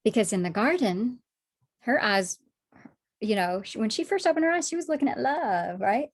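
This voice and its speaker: A woman sharing her personal faith testimony in conversation, animated when acting out past moments, soft and low when reflecting. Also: normal speed. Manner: animated storytelling, acts out her own past words.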